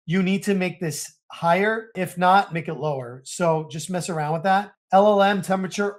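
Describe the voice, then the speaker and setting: High-voiced, excitable male tutorial host. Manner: excitable, talks to viewers as he clicks. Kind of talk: screen-share software walkthrough.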